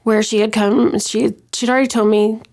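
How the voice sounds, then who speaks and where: Gravelly-voiced woman, hesitant. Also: fairly high pitch, flat delivery, brisk, darkish tone. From West Texas. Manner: hesitant, many ums and restarts. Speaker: interview guest. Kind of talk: personal account in an interview.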